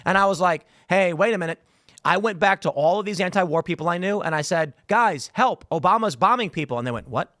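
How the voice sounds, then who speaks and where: Fast-talking man hosting a chat show. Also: sits high, dry recording, studio quality. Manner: animated storyteller, acts out quotes. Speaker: podcast host. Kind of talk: casual political chat. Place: studio.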